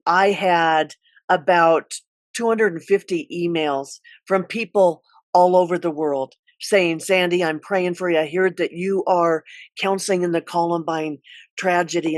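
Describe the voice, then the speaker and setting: Earnest halting middle-aged woman counselor. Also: lowish voice, dry recording. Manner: earnest, halting, many restarts. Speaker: school counselor. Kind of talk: personal storytelling.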